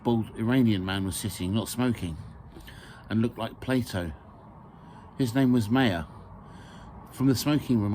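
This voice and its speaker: A man's voice: on the low side, darkish tone, slight background noise. A man reading his own memoir aloud, hesitant with fillers and a dry sense of humour.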